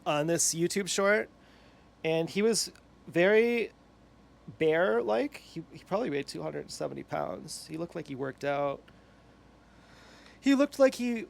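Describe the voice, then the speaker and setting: A man's voice: on the high side, creaky. A man in a rambling, self-correcting monologue, crude and meandering. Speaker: online commentator.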